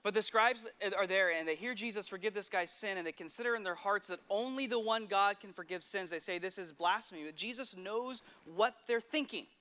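A man preaching a sermon, retelling scripture stories with lively asides and sudden drops to a hush. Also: high-pitched, fairly quick, few pauses, clean tone.

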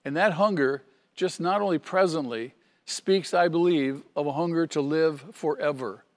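A man's voice: a little high, moderate pace. Man preaching in a reverberant hall. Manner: earnest, emphatic preaching with repetitions. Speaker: pastor. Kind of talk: sermon.

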